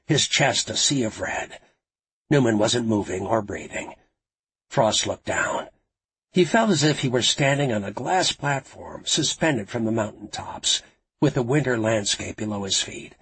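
A male narrator reading a tense thriller, his voice very husky and breathy. His delivery is lively, rising and falling with the drama, recorded close and dry with no room sound. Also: fairly low pitch, no room sound. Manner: dramatic, expressive storytelling.

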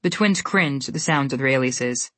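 A woman narrating a storybook in a steady, even reading manner. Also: very deep voice, normal speed, no echo.

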